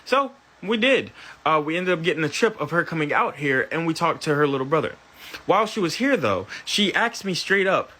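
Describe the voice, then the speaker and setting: A man's voice: high-pitched, animated, a little fast, pushed and bright. A man reenacting a story in first person, blunt and emphatic, repeating phrases for weight.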